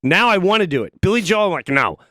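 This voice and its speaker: A middle-aged man, a comedian guest, telling an animated story in a casual studio chat and acting out the voices of the people in it. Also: high-pitched, quick pace, dry recording. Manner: acts out voices in his stories, lively and excitable.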